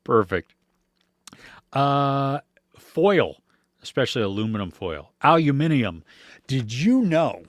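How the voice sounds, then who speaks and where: A relaxed American man talks slowly about films and shows, drifting along with fillers and soft chuckles. His voice sits at a middle pitch and sounds dry and close, with no room around it. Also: no room sound. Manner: relaxed, rambling, with many fillers and small laughs. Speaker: podcast host reading viewer comments. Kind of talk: casual chat.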